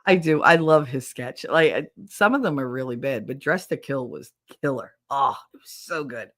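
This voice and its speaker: A woman hosting a podcast in casual solo chat, animated, laughing often and swearing freely. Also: extremely low pitch, moderate pace. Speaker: podcast host.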